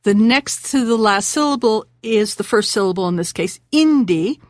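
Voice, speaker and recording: A woman hosting a radio language lesson, patiently slowing down and repeating words. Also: mid-range voice, dry recording, clean studio sound.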